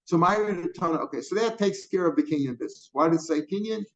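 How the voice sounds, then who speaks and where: A man's voice: a little high, animated, fast. A man teaching a Talmud page line by line, explaining Hebrew and Aramaic terms with a lot of repetition and rephrasing. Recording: dull lo-fi recording.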